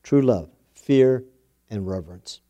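A man's voice: lowish voice, takes it slowly, mellow, lo-fi sound. A middle-aged man preaching a sermon, telling a homespun family story with a folksy, repetitive style. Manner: folksy storytelling, repeats phrases for emphasis.

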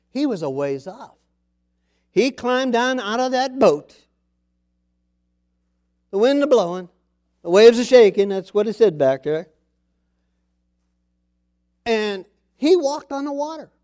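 A middle-aged man preaching a sermon, with sudden loud bursts, soft drops, and scripture read slowly aloud. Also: high voice.

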